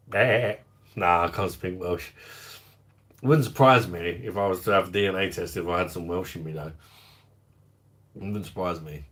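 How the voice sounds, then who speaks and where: Hosting a beer review channel's casual livestream, a man with a low, fairly bright voice speaks slowly. He's jokey and chatty, laughing often, greeting viewers and reading their comments.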